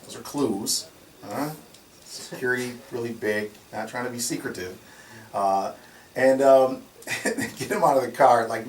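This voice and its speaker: Animated man, roomy and distant. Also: mid-range voice. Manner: animated, laughs often while telling stories. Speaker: security company owner. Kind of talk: conversational storytelling. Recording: roomy, distant mic, faint noise.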